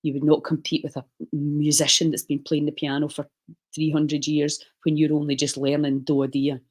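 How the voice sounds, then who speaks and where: A man's voice: fairly high pitch, monotone, moderate pace, darkish tone, low-quality recording. A man leading a guided breathing session on a live stream, chatty and reassuring as he coaches.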